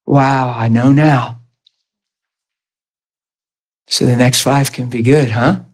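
Taking his time, a male preacher tells stories animatedly during a sermon. He laughs frequently and jumps into a high voice for acted-out quotations.

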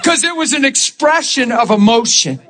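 A Christian minister with an extremely high-pitched voice tells stories at a moderate pace during a lively chat. He speaks emphatically and laughs often.

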